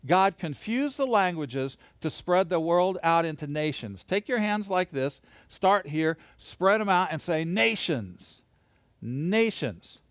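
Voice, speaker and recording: A man teaching a Bible lesson to a camera, animated and playful, leading hand motions. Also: high voice, unhurried, hardly any pauses, clear, resonant tone, no room sound. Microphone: camera mic.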